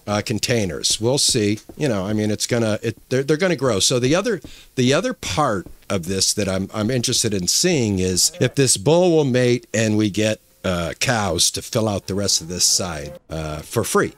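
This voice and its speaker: Man, somewhat low voice, casual gameplay commentary, halting, lots of fillers. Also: animated, no echo. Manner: rambling, halting, many fillers and restarts. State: emotional, choked up. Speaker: gaming channel host.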